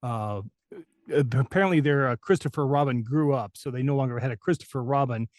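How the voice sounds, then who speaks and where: Male voice-actor guest, chatty storyteller, mid pitch, dead-dry sound. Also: brisk, no room sound. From New Mexico. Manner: rambling anecdotes with many fillers and restarts. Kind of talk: interview storytelling.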